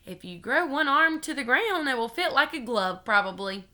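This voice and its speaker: Sassy little schoolgirl arguing back, high and spirited , lady reading her lines, bright. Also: lively intonation, moderate pace. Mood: hesitant. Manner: spirited, indignant. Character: feisty defiant little schoolgirl.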